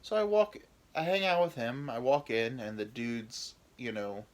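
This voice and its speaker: A man's voice: mid-range voice, measured pace. Rambling American man telling a story. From United States. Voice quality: rambling, profane, self-mocking. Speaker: podcast host. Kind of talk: casual comedic storytelling.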